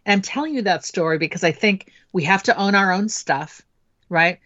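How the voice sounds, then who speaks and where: A woman's voice: medium pitch, moderate pace, fairly bright tone, no room sound, lo-fi sound. A middle-aged woman speaking as a guest in a podcast interview, frank and reflective as she tells stories from her own parenting.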